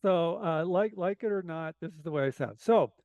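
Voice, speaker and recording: A man with a hoarse-sounding voice, a podcast guest telling an animated, self-deprecating story full of asides. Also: on the high side, moderate pace, dull audio, noisy background. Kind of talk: casual storytelling.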